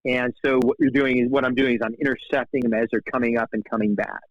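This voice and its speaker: Sex: man. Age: 50s. Role: guest, fly fishing guide. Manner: animated storyteller who acts out quoted dialogue. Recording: dry, dull podcast audio. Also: mid-range voice, fast, no echo. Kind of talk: casual storytelling in conversation.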